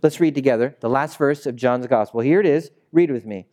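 A man's voice: medium pitch, expressive, a little fast, few pauses, darkish tone. A younger man, a pastor, giving a conversational, jokey sermon and drawing the congregation into call-and-response. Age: young adult. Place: church sanctuary with a congregation.

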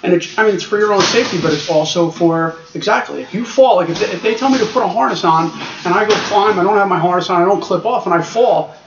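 Quick-talking guy in his 40s, frank and blunt, roomy echo and muffled lo-fi sound. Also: sits high. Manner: fast, frank, repeats himself when starting. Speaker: guest, union iron worker. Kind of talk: casual interview chat. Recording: echoey and lo-fi with clear noise.

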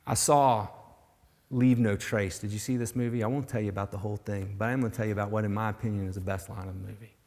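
A man preaching a sermon as pastor, swinging from loud, emphatic lines down to hushed whispers. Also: lowish voice, fairly even intonation, fast. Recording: long reverb of a large hall.

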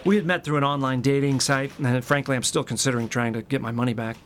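A middle-aged man in a self-righteous, prissy comic monologue, explaining himself to a police officer and breaking into shrill, high-pitched rants. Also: fairly even intonation, fast talker, slight background noise. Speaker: comedic monologue character.

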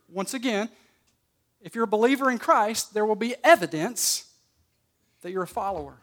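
A pastor preaching a sermon at a church service, emphatic, swinging between loud and soft and repeating words as he starts his phrases. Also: high voice, animated, moderate pace, long pauses.

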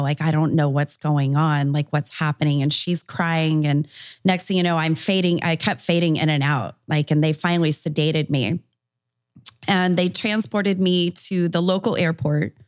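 A woman's voice: low-pitched, dry recording, clean studio sound. A woman guest on a podcast interview, recounting a personal story in a candid, conversational way, often using fillers.

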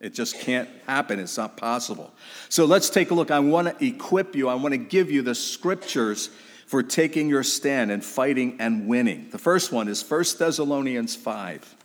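A man's voice: mid-range voice, animated, moderate pace, long reverb tail. A man preaching a sermon, emphatic and exhorting, with casual asides to the congregation. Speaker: pastor.

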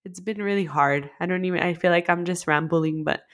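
A woman's voice: on the low side, brisk. Heartfelt woman talking in rambles. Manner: heartfelt, rambling, many "like" fillers. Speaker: podcast co-host. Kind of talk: personal conversational storytelling.

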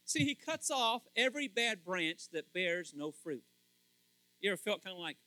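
A man's voice: high-pitched, very animated, normal speed, sharp tone, poor audio. A man preaching a folksy sermon who tells stories and keeps asking the crowd fill-in questions. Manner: folksy and storytelling.

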